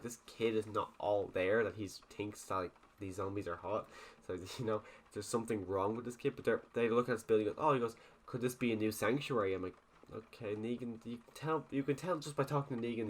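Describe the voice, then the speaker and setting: A man's voice: fairly low pitch, fairly bright tone. A young man with an Irish accent rambling through a casual recap of a TV episode, often restarting sentences and quoting characters. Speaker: TV review vlogger.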